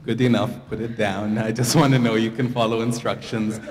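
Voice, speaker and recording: A man's voice: on the low side, flat delivery, fairly quick. A man leading a laughter yoga workshop for a live group, playful and coaxing, speaking into a handheld microphone. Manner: playful, upbeat, coaxing a crowd. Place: large hall before a live audience. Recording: echoey hall, faint crowd noise.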